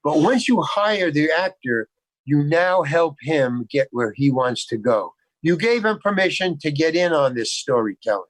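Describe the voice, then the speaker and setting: Older american guy, kinda high voice, rambly, keeps restarting sentences, dry close sound. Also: big pitch swings, measured pace, dry recording, poor audio. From United States. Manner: emphatic, rambling with many restarts. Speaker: guest actor. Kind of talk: casual storytelling interview. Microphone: video call.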